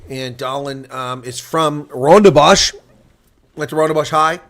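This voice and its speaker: A man's voice: fairly high pitch, a little slow, a bit bright. A tired man hosting live play-by-play reaction commentary on a rugby match, chatting to his viewers between calls.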